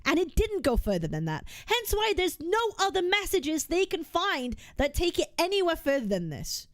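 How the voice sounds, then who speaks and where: A woman's voice: extremely high pitch, sing-song, moderate pace, no echo, clean studio sound. A woman streamer making a heated, argumentative case on stream, emphatic and often repeating herself. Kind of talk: heated reaction rant.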